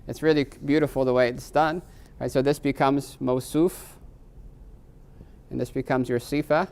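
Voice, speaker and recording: With a medium-pitched, smooth, slightly mellow voice, this middle-aged man teaches Arabic grammar in a live class. He's a patient explainer who moves between English and Arabic terms and keeps asking "right?".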